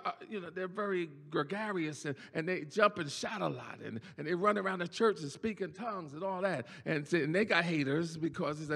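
A pastor preaching a sermon in a church, shouting and half-singing his peaks, then dropping low for quiet asides. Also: creaky, slightly rough. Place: church sanctuary. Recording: church hall reverb with faint organ music.

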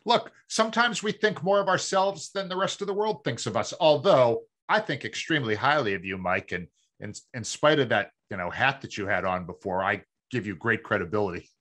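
A middle-aged man from Massachusetts, co-hosting a sports podcast in a measured, explaining way. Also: lively intonation, a bit bright. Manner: measured, explaining, lower when reflective. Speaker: producer and co-host. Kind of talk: casual sports talk.

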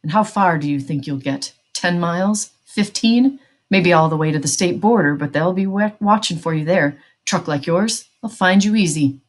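Storybook read-aloud: a woman doing a steady father holding his nerve, low and firm. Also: close to an everyday voice. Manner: firm, measured. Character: steady farmer father trying to stay calm.

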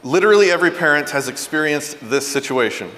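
A man giving a parenting talk, telling stories earnestly and going soft and low for tender points. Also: fast talker, big-room sound. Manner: earnest, animated storyteller, drops soft and low for tender moments. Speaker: parenting speaker. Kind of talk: motivational talk.

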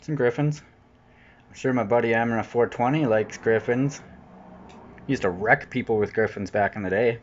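A man chatting casually while opening trading card packs, jokey, with sudden excited outbursts. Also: mid-range voice, normal speed, pauses often, dull audio. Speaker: channel host unboxing cards. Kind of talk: casual unboxing commentary. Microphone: off-camera voice-over mic.

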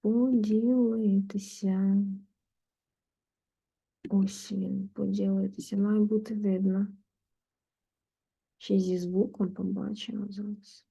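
Husky lady teacher, gravelly and dark, chatty while setting up. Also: mid-range voice, flat delivery, slow pace, pauses often, muffled recording. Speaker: English teacher. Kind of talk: casual online lesson.

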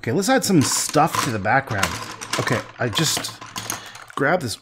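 On a very noisy livestream, a man casually talks through his painting as he works, making fun of his own work, swearing and muttering half to himself. His medium-pitched voice is sing-song and moves at a moderate pace.

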